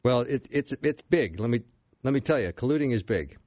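A man hosting a political radio talk show, briskly leading the segments and saying "uh" often. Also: mid-range voice, expressive, a little mellow, no echo.

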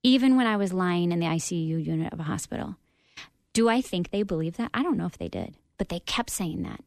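Woman on a radio show talking about her own life, kinda low voice, dry close sound, lots of ums, earnest. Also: lively intonation, fairly quick, creaky, a little mellow, dry recording. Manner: earnest, open, reflective with frequent ums. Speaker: guest. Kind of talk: radio interview, personal story.

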